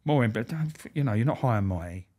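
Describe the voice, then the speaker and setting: A rapid-fire talker with a fairly low voice, this ex-prison officer delivers candid, sweary stories. He's animated throughout, imitating the voices of whoever he's quoting.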